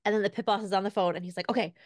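A chatty woman in her thirties co-hosts a casual podcast. She talks in quick asides full of fillers and puts on her toddler's voice when she tells a story. The sound is close and dry, with no room around it. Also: medium pitch, steady tone, no room sound. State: recovering from illness. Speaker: podcast co-host. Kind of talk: casual chat.

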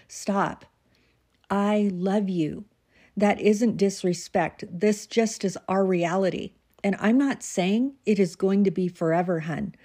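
A woman's voice: medium pitch, dark tone, husky. A woman voicing a patient wife who pleads with and soothes her husband.

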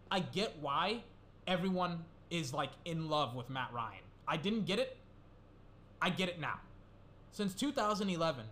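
A man's voice: sits high, sharp tone, slight background noise. A young man rambling through casual solo commentary, swearing and getting worked up as he goes. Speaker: gaming commentator.

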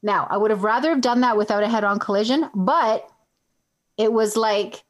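A woman's voice: mid-range voice, moderate pace. A middle-aged woman from Canada casually telling a long personal story, rambling and correcting herself as she goes. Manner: rambling, self-correcting, animated.

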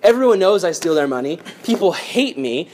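A man's voice: high-pitched, big pitch swings, moderate pace, darkish tone, a little hiss or hum. A man voicing a short, lonely male tax collector who pities himself, in a glum, muttering way. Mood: self-pitying.

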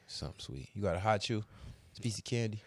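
A man's voice: lowish voice, quick pace, no echo. A man co-hosting a casual podcast, joking and cursing in a laid-back way. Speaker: podcast co-host.

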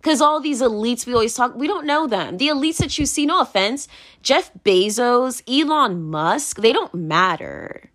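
A woman's voice: fairly high pitch, lively intonation, normal speed, a bit bright. A woman talking casually on her own, blunt and profane, laughing often and repeating herself as she moves between points. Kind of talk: casual solo commentary.

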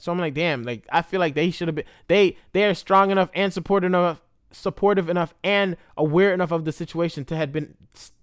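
Brief: male vlogger, fairly high voice, smooth and clear, candid emotional rant with swearing. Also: a bit bright, dry recording, clean studio sound. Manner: emotional, rambling, heavy profanity. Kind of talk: candid storytime monologue.

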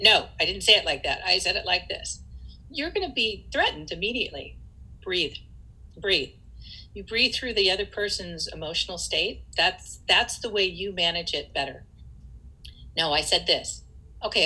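A woman coaching people through divorce, speaking calmly and repeating her key points. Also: mid-range voice, husky, poor audio. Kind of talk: spoken advice talk.

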